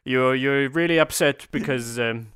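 A man's voice: medium pitch, unhurried, a bit bright, clean tone, no echo, studio quality. A man co-hosting a casual podcast, sarcastic and ranting, swearing freely and mocking posh speech. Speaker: podcast co-host.

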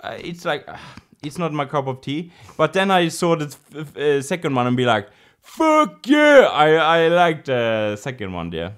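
A man's voice: fairly high pitch, expressive, moderate pace, few pauses, smooth. A man in casual conversation, retelling film plots playfully with frequent laughs. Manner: playful, laughing, acting out quotes. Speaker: conversation partner.

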